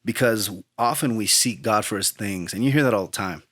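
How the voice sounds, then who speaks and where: A guest musician in an interview tells a personal story in a low-ish, brisk voice, earnest and reflective but drifting into lively retelling. The studio-quality recording has no room sound.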